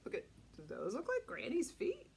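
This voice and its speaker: Animated woman reading to children. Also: high-pitched, moderate pace, gravelly, background noise. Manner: animated, asks children questions. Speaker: children's storyteller. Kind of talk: storytime reading aloud to children.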